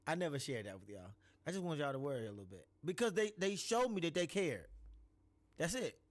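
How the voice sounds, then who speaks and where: A man in casual podcast chat, laid-back and slangy, quick to laugh along. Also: a little high, very animated.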